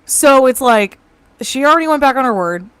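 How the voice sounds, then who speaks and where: A woman co-hosting a live show over a home mic, chatting casually and reading out viewer comments with quick asides. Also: high-pitched, expressive, fairly bright tone, clean tone, no room sound. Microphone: home mic on a video call.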